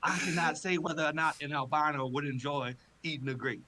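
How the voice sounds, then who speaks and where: A man doing a deadpan laid-back comic. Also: on the high side. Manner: slow deadpan delivery, earnest explaining of own jokes. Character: deadpan laid-back male stand-up comic, one-liners. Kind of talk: comedy podcast impression.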